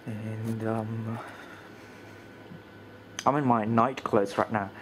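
A man vlogging casually outdoors at night while cold and shivering, talking to viewers with fillers and now and then dropping to quiet murmured asides, recorded on a camcorder's built-in mic. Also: lowish voice, little pitch movement, drawn-out words, background noise. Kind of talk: casual vlog narration.

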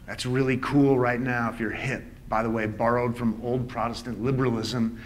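A man preaching a live conference sermon in a church, emphatic, with punchy repeated lines and rhetorical questions, swinging between hushed asides and loud exclaims. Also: medium pitch, slight background noise. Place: church sanctuary before a live audience.

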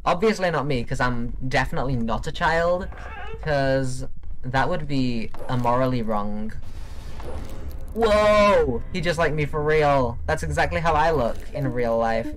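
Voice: mid-range voice, moderate pace. A streamer chatting casually during gameplay, playful and giggly, teasing chat.

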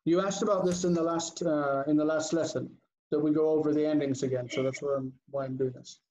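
A man teaching an online grammar lesson, drilling terms slowly and deliberately and often checking in with the class. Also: on the high side, steady tone, mellow. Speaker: Biblical Hebrew teacher. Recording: dull lo-fi call audio, faint noise.

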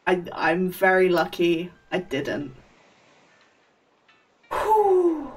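A woman's voice: medium pitch, animated, unhurried, distant mic. A woman chatting casually on a game live stream, rambling with stammered restarts and frequent laughs.

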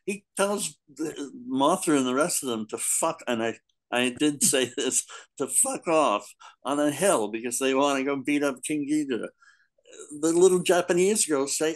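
A man's voice: fairly high pitch, animated, moderate pace. Older man rambling through anecdotes. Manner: rambling storyteller, laughs often, acts out quotes. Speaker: podcast guest, comics editor. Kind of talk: casual chat, anecdotes.

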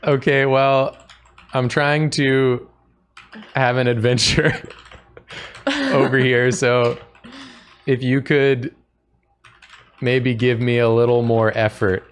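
A man at an average pitch co-hosts a casual game stream, reading a text adventure's story aloud. He chuckles often as he reads, and his manner is relaxed and amused. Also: slow, pauses often, smooth. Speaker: stream co-host.

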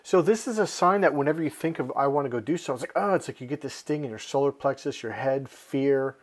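A man's voice: a little high, a little fast. A man hosting a self-help video, talking casually to the camera and acting out quotes in a raised voice. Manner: animated, acts out quotes in a raised voice. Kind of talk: casual direct-to-camera talk.

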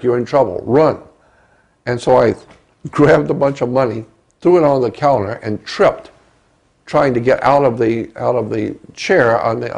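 An older man with a gravelly voice tells a story from his own life in an interview. He speaks slowly and haltingly and often stumbles over his words. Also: medium pitch, darkish tone. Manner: halting, repeats words, slow. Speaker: interview guest. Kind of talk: recounting a personal story.

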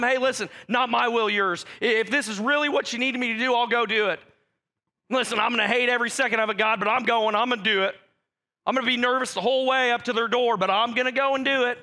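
High, bright-voiced man preaching a sermon. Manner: direct, conversational preaching addressing the church. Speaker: pastor.

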